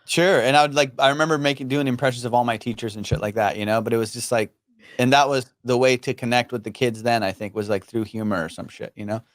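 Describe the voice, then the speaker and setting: A man's voice: mid-range voice, steady tone, fast talker, no echo, studio quality. A man from Iran, a comedian guest in a casual podcast chat, talking loosely with lots of swearing and filler phrases. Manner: loose and profane, many fillers like you know.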